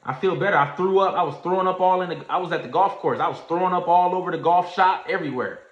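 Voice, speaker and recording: A man telling a story in a casual livestream, animated and slangy, acting out what others said. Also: high-pitched, quick pace. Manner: animated storyteller, acts out quoted voices, Southern US slang. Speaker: trading streamer. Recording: echoey room, dull lo-fi sound.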